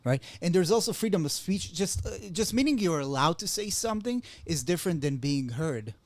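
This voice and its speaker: A man from Israel telling stories and ranting on a casual podcast, animated and getting loud. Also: fairly high pitch, fairly quick, no echo. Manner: animated storytelling, rising to loud rants. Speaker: comedian guest.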